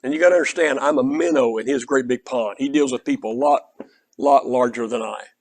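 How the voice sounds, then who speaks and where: An older man with an Oklahoma Southern accent preaches an earnest, conversational sermon built around a personal story, quoting others in dialogue. His voice sits in the mid range and moves at a brisk clip.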